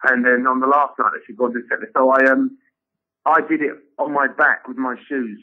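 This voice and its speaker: A man, a comedian telling stories in a rambling, animated way and acting out the voices of others. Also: medium pitch, brisk. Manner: rambling, animated storytelling with acted-out quotes. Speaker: comedian guest. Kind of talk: casual interview chat. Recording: tinny phone-like sound.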